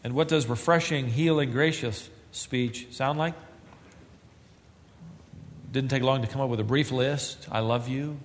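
A man preaching a sermon as pastor, earnest and building to loud, emphatic climaxes. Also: medium pitch, measured pace, long pauses, slight background noise. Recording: long reverb of a large hall.

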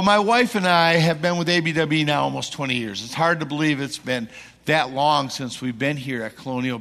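A middle-aged man preaches in a church sanctuary with a high, bright, ringing voice. He tells stories with lively energy and mimics the people in them. The sound carries a long hall reverb. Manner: animated storyteller acting out quoted people. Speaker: missionary preacher. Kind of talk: sermon with storytelling.

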